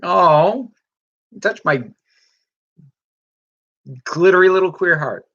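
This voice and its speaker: Trans woman host, chatty and rambling, lively bright voice, lo-fi stream sound. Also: on the low side, slow. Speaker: livestream host reading chat. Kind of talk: casual chat.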